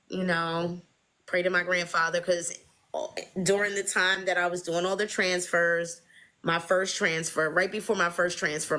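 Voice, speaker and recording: A young adult woman telling a personal story in casual chat, acting out other people's lines in a lively voice. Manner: animated, acts out quoted voices in high pitch. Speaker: guest sharing her fertility journey.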